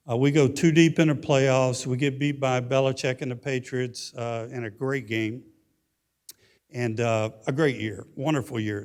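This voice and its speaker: A man's voice: mid-range voice, darkish tone. A man in his sixties with a Texan accent, telling a personal story as a guest speaker at a luncheon, in a folksy way with frequent "okay?" and "you know?". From Texas. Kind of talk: storytelling speech. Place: luncheon hall.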